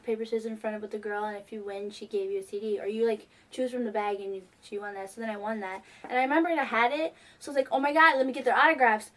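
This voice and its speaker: Young woman vlogger, high-pitched, gushing and rambly, casual storytelling. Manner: excitable, heavy use of "like". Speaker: fan vlogger.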